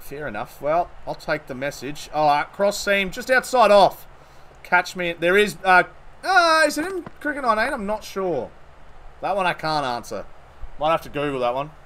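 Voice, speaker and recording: Young Aussie streamer, high lively voice, excitable and sweary. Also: male voice, slight background noise. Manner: excitable, swears, thanks followers between balls. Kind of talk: live gameplay commentary.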